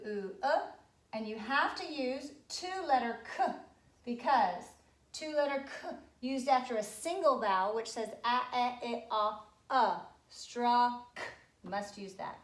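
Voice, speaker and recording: A woman's voice: a little high, reverberant. Patient woman teaching a spelling lesson. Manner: patient, spells words out letter by letter. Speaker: second grade teacher. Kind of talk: spelling lesson for young children.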